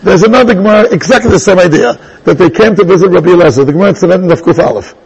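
A man teaching a Torah class in an animated way, restarting sentences and mixing in Hebrew terms. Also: sits high, very fast, vocal fry, husky, highs cut off. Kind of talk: lively Torah lecture.

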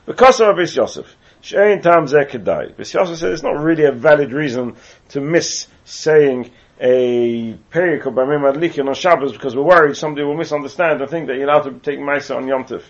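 A man's voice: fairly high pitch, lively intonation, brisk. A man from England teaching a Torah lesson, reading Hebrew text aloud and then explaining it in English, with asides along the way. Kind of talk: Talmudic lecture. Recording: muffled lo-fi recording.

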